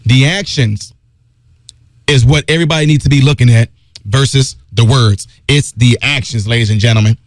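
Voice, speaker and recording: A middle-aged man hosting a talk radio show, delivering an emphatic opinion monologue that drops low and loud for stress. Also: moderate pace, dry recording.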